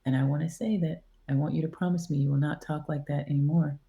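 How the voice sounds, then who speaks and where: A woman's voice: low-pitched, quick pace, vocal fry. A woman guest on a podcast, casually telling a story and acting out the dialogue. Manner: animated, acts out quoted dialogue. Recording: roomy echo.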